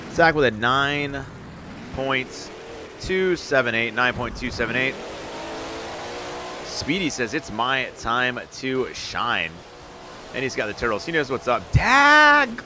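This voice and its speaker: A man streaming and giving quick, upbeat live commentary on viewer runs in a game, calling scores and turn order. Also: medium pitch, bright, forceful tone, a little hiss or hum. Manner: upbeat, quick hype calls with laughs.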